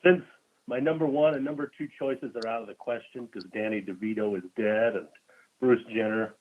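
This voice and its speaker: Man, call-in caller, goofy, jokey, loud laughs, tinny phone line. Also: mid-range voice, steady tone, moderate pace, slight background noise. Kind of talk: casual call-in chat.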